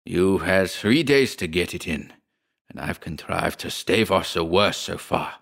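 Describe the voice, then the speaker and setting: A man doing a gruff menacing old father. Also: low voice, lively intonation, unhurried, a bit bright, exaggerated voice. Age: older. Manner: gruff, impatient, threatening. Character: menacing desperate old father demanding money.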